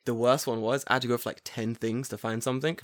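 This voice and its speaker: A man's voice: medium pitch, flat delivery, quick pace, no room sound. An English young man telling a profane story in a casual chat, mimicking others. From England. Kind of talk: casual chat, anecdote with acted quotes.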